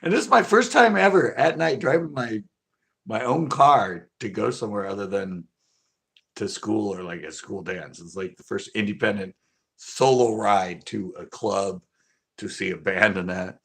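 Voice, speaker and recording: A man's voice: on the low side, moderate pace, vocal fry. A man hosting a casual livestream, telling a story from his youth in a rambling way with frequent laughter. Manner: laughing often, animated and rambling. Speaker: channel host.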